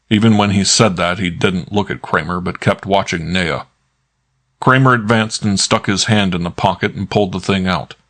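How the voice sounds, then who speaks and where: A man's voice: deep voice, fairly bright tone. A man narrating a classic detective novel in first person, dry and wry. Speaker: audiobook narrator.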